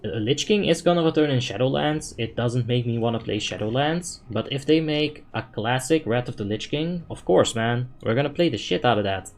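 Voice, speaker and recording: A man streaming a game live, answering chat questions in a relaxed, talkative way and swearing now and then when a play goes wrong. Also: mid-range voice, normal speed, hardly any pauses. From Netherlands. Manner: relaxed, chatty, thinks out loud, swears when frustrated.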